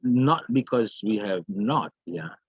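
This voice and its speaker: Man teaching a grammar lesson, low voice, swooping pitch, dry close sound. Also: animated, slightly rough, no echo. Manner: slow, repeats phrases, calls out "everybody" and "yeah". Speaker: English teacher. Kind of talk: recorded online grammar lesson. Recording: dull lo-fi recording.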